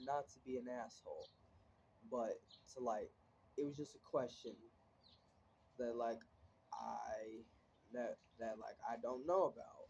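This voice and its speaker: A man's voice: mid-range voice, steady tone, a little slow, vocal fry, pauses often, darkish tone, lo-fi sound, a little hiss or hum. Rambling teen guy ranting into his phone. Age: teens. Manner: rambling, heavy filler words, frequent swearing, frustrated. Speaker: vlogger. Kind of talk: casual ranting vlog. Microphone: phone camera, looking down at it.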